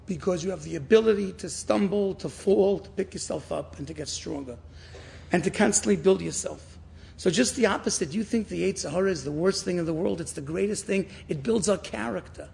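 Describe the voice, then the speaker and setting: A man giving a sermon, a rabbi telling stories with dramatic swings between loud and hushed. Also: sits high, a little fast, gravelly. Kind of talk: inspirational sermon with storytelling.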